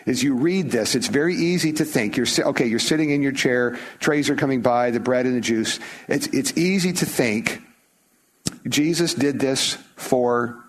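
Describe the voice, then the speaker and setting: A man's voice: medium pitch, husky. A middle-aged man from the United States preaching a sermon in a conversational, emphatic way, often restarting his phrases. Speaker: pastor.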